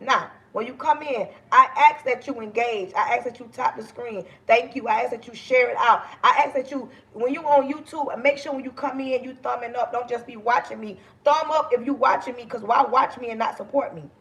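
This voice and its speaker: Loud, passionate woman livestream host, gravelly. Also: fairly high pitch, fairly quick, few pauses. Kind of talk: casual livestream talk to viewers.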